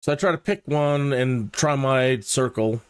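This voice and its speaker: Here a mid-range, unhurried voice with a clear, resonant tone narrates a flight simulator session, recorded on a close desk mic with no room sound. The man is a flight sim video host giving casual, mannered, self-mocking gameplay narration in a storytelling style.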